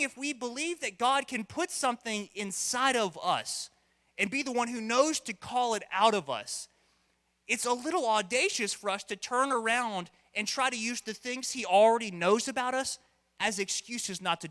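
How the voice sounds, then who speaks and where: A man's voice: very high-pitched, lively intonation, moderate pace, pushed and bright, big-room sound. A man preaching a sermon as pastor, conversational and playful, now and then acting out voices. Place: church hall.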